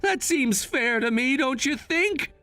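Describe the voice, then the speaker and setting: A man voicing a scheming adult son, high-pitched. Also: lively intonation, measured pace, sharp tone, no echo, faint music behind, full character voice. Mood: firm. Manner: matter-of-fact, firm. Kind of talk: text-message story drama.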